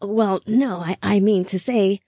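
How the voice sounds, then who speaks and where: A woman's voice: mid-range voice, a little slow, dark tone, slightly rough, no room sound, clean studio sound. A woman reading the part of a nervous male warrior angel who stammers before his lord. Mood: anxious. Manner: stammering, anxious.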